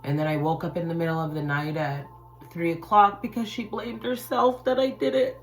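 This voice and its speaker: A woman's voice: on the low side, steady tone, fairly quick, a little hiss or hum, low-quality recording. A woman host telling an emotional personal story in a casual, emphatic way and swearing freely. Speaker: tarot channel host.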